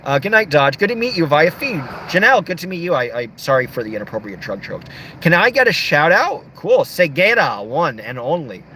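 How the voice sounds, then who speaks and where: A man's voice: on the high side, sing-song, a little fast, bright, forceful tone, slight background noise. A young man livestreaming late at night, reading chat comments aloud and joking around. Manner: joking, playful, reads comments aloud in shifting voices.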